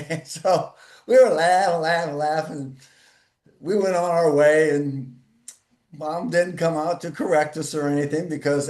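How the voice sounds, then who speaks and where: Middle-aged man, casual storyteller, lively voicing of characters, echoey room sound. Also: a little high. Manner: animated, acts out voices in his anecdote. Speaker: storyteller guest.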